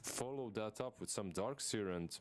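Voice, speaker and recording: Low-voiced guy rambling thru esports draft analysis, lots of uhs. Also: normal speed. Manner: loose, rambling with fillers. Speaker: co-streamer caster.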